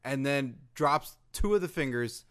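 A man's voice: mid-range voice, animated, unhurried, fairly bright tone. Wisecracking male podcast co-host. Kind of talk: casual chat.

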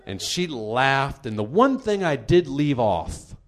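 Animated man telling a funny story. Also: medium pitch, takes it slowly. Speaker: podcast host and storyteller. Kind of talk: comedic true-story monologue.

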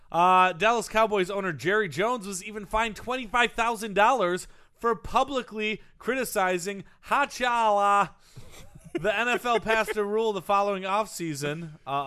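A man's voice: high-pitched, bright, forceful tone. A man co-hosting a casual chat podcast, reading facts aloud with jokey asides. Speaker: podcast co-host reading a biography.

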